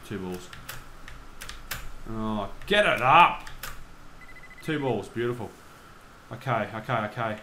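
A young man commentating on his own gameplay, excitable, swearing and shouting at the game. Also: medium pitch, a little hiss or hum. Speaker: gaming channel host.

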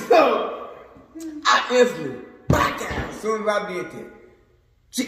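A man's voice: high voice, moderate pace, pauses often, noisy background. A man in his thirties telling a funny story in casual chat, laughing often and acting out the voices. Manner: animated, laughing a lot, acting out quotes. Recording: very echoey room.

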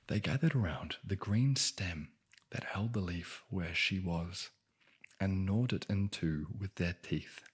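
Husky low-voiced man whispering a sleep story. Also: lively intonation, a little slow. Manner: soft whispering with wry joking asides. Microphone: close ASMR microphone.

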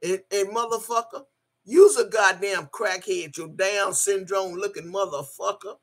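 Husky woman ranting on a live stream. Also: medium pitch, a little slow. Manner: cursing, taunting, loud outbursts. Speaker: live-stream host reading chat. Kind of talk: profane live-stream rant.

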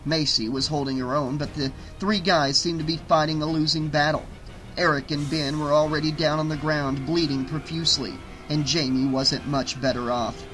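A man narrates an audiobook in a bright, slightly high voice with a steady, even reading. Faint music plays softly underneath. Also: normal speed, low-quality recording. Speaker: audiobook reader.

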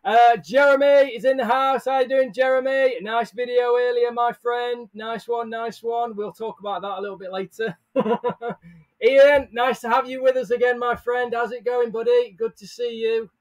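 High-voiced upbeat livestream host. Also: male voice, steady tone, moderate pace. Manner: upbeat, greets viewers by name, laughs often. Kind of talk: casual live-stream chat. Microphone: headset or earbuds with desk mic.

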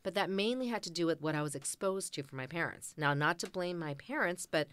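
A woman's voice: lowish voice, brisk, clean tone, no echo. A woman in her fifties with an American accent, telling stories animatedly as a therapist guest. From United States. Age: 50s. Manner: animated storyteller acting out quotes. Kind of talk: conversational interview.

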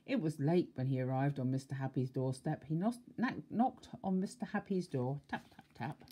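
Older grandmother reading a storybook aloud, low and warm, with lively asides to a child. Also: normal speed, slightly rough.

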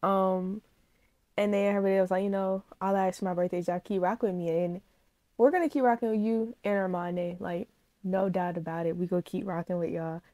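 A woman reaction vlogger in a casual chat to her viewers, speaking, animated, gushing and emotional. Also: mid-range voice, fairly quick, dry recording. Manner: chatty, animated, addresses viewers as y'all.

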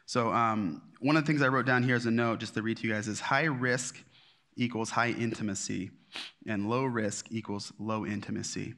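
Low-voiced man teaching a church class. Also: fairly even intonation, moderate pace, fairly bright tone. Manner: conversational, self-deprecating, with many fillers and restarts. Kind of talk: casual teaching talk.

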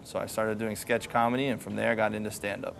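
Low-voiced man in a relaxed interview. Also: fast, gravelly. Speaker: comedian. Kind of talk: interview answers.

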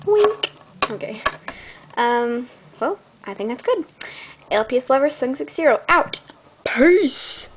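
A teen girl rambles happily to her channel's viewers in a fairly high voice that jumps all over the place. Her talk is bubbly and dramatic, full of sudden gasps and quick asides. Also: expressive, fairly bright tone, slight background noise. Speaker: channel host. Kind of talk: casual vlog chat.

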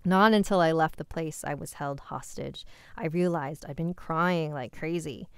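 A woman reading a listener's scary story aloud, with quick asides of her own. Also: low-pitched, vocal fry, smooth, no room sound, studio quality.

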